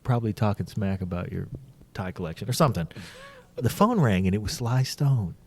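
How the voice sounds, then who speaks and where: A man hosting a podcast in loose, casual chat, spinning a story with plenty of laughter and casual swearing. His voice sits on the low side but jumps around a lot as he gets into it. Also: animated, brisk, darkish tone, breathy edge. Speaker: podcast host.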